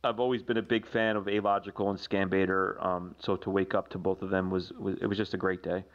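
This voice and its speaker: A low-voiced man talks casually as a podcast co-host, rambling with fillers and excited restarts. The sound is dull and lo-fi. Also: fairly quick. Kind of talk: casual chat.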